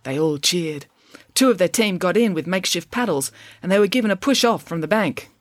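A woman tells a children's adventure story in a fairly low voice that moves freely up and down. The recording is close and dry, with nothing around it. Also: fairly quick, dry recording. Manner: expressive, even storytelling. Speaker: audiobook narrator. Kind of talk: storybook narration.

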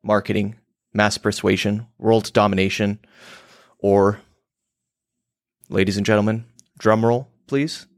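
A man's voice: on the low side, fairly even intonation, unhurried, long pauses, no room sound, clean studio sound. A man hosting his own show, delivering a crude, emphatic monologue on copywriting. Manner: emphatic, provocative, crude and theatrical.

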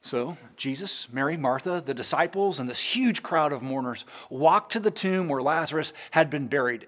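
A man preaches a sermon in a conversational style at normal speed, often repeating words. He swings from soaring, emphatic peaks down to hushed lows.

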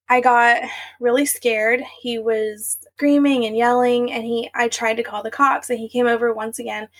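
A young adult woman speaks as a podcast guest, telling a long personal story in a candid, run-on way full of "like" and "you know." Her voice sits a little high. She keeps an even, flat delivery throughout. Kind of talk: recounting personal story in interview.

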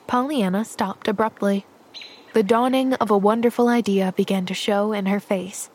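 A woman narrating a children's classic as an audiobook, with gentle, measured storytelling. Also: medium pitch, steady tone.

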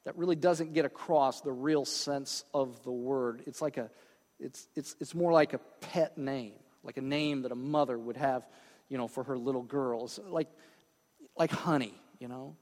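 A man's voice: medium pitch, moderate pace, darkish tone, in a large hall. A male pastor preaching a sermon in a conversational way, with frequent asides and check-ins with the congregation.

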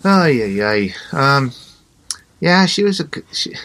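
A man's voice: a little high, unhurried. A middle-aged man, an interview guest, telling a personal story in a conversational way and acting out the dialogue with animation. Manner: animated, acts out both sides of dialogue.

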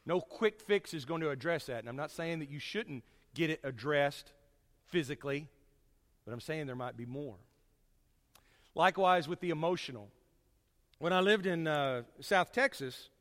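A man preaching a sermon to his congregation, folksy and storytelling, swinging from loud to hushed. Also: fairly high pitch, long reverb tail.

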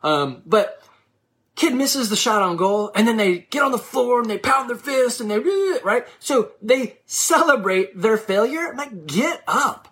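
A woman's voice: on the high side, lively intonation, measured pace, fairly bright tone. A woman who coaches youth sports, giving blunt, scolding advice to parents in a frank monologue.

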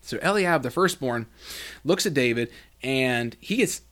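Guy on a bible podcast reading scripture n explaining it, super lively voice that jumps all over, mid pitch. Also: unhurried. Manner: animated, acts out quoted lines with big pitch jumps.

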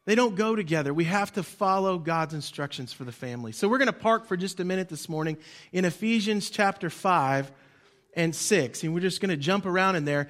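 A man preaching a sermon as pastor, swinging between loud emphasis and quiet drops, leading the congregation to repeat lines after him. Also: sits high. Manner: leads the congregation in call-and-response.

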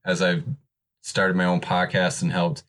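A man's voice: sits low, completely flat delivery, unhurried, fairly bright tone. A man talking openly and earnestly in casual podcast conversation. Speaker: podcaster, co-host.

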